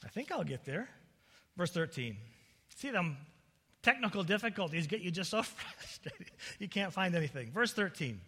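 A man preaches a sermon in a large sanctuary, his voice sitting a bit high and very bright and cutting. He swells to loud, fervent peaks and then drops to plain, folksy talk with the congregation. Every word trails off in a long hall reverb. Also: sing-song, moderate pace, slightly rough. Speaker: pastor.

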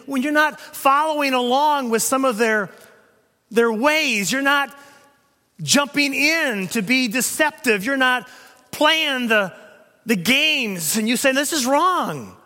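A man's voice: extremely high pitch, bright, forceful tone. A man preaching a sermon emphatically, often repeating words as he drives a point home. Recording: long hall reverb.

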